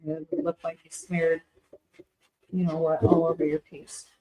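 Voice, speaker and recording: A woman's voice: deep voice, flat delivery, moderate pace, dark tone, slight background noise, rough recording. A woman who owns a shop, hosting a live do-it-yourself painting demonstration in a chatty, upbeat way, talking straight to her viewers and calling them by name. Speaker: shop owner hosting a live DIY demo. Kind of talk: casual live crafting demonstration.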